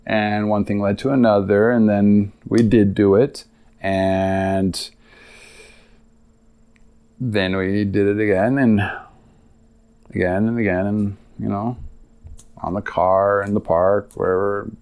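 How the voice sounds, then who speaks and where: A man's voice: on the low side, fairly even intonation, slow, long pauses, a little mellow, clean tone. A young man hosting a podcast, telling a personal story in a rambling, casual way with lots of asides. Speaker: podcast host.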